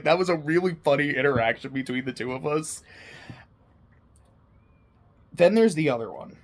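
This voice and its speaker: A young man talking casually about his favorite anime, emotional, laughing often and swearing now and then. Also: medium pitch. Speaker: anime video host. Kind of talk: casual personal commentary.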